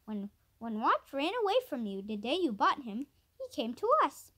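A woman's voice: on the high side, sing-song, normal speed, a bit bright, voice pushed down. A woman reading the lines of a polite, earnest older boy in her own voice.

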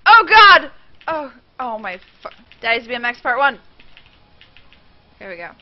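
A woman's voice: fairly high pitch, normal speed. A young woman streaming a game, reacting with swearing and panicked shrieks. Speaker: gaming streamer. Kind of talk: live game commentary. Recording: dull lo-fi stream mic with faint noise.

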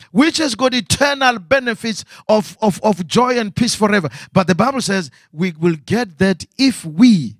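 A man's voice: high-pitched, dry recording, studio quality. A man preaching a sermon as pastor, asking rhetorical questions and repeating phrases.

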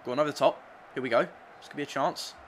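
A man's voice: mid-range voice, fast, a bit bright. A man commentating on his own football video game play, swearing and getting frustrated with opponents. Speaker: gaming commentator. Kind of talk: gameplay commentary.

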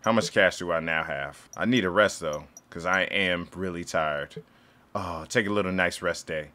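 A young man commentating his own wrestling video game play, with loud, excitable yelling and jokey trash talk. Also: low voice, moderate pace. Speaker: gaming YouTuber.

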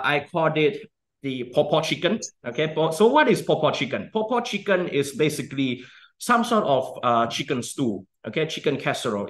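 A man's voice: mid-range voice, fairly bright tone. A young man giving a casual cooking demonstration, chatty and often checking in with "okay?". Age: young adult.

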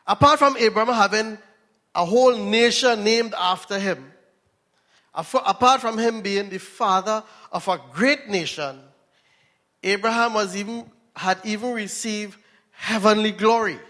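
A Trinidadian man preaches a sermon at a measured pace, his high voice bright and forceful. He tells a story and asks his listeners questions, while a long hall reverb fills the recording.

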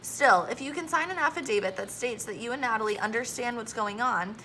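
A calm, measured lawyer speaks deliberately, as a woman reading a storybook puts him on. The tone stays bright and a touch high. A faint rumble sits under the recording. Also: rough recording. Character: stern grown man, calm measured lawyer.

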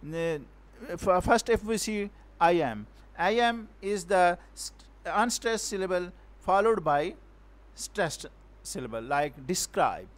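A male teacher giving a recorded poetry lecture, talking slowly and haltingly, restarting words and sounding out syllables and stresses aloud. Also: sits high, expressive. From Pakistan.

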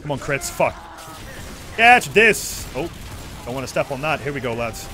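A young man giving live, excitable commentary on his own gameplay as a streamer, swearing and yelling at the screen. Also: mid-range voice, normal speed, long pauses, soft background music. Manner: excitable, swears a lot, yells at the game.

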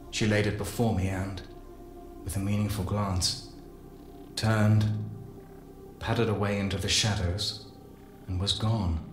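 Male narrator, low-pitched, unhurried, solemn lore reading; roomy echo, faint ambient music underneath. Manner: slow, solemn first-person narration. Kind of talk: dramatic reading of a game lore journal. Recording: echoey with ambient music behind. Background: faint dark ambient music.

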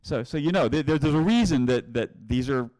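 Rambling, halting male tour guide. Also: mid-range voice, expressive, a little mellow. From New England. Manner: rambling, halting, with frequent restarts and chuckles. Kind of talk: casual narrated virtual tour.

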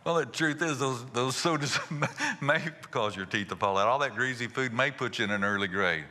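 A male pastor preaching a sermon in a folksy way, asking rhetorical questions and chuckling softly. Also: medium pitch, animated, normal speed, in a large hall.

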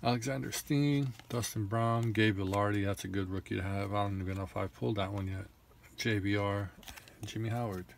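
A man's voice: fairly low pitch, steady tone, brisk, creaky, a little hiss or hum. A young man casually opening trading card packs, rattling off names and grumbling in frustration.

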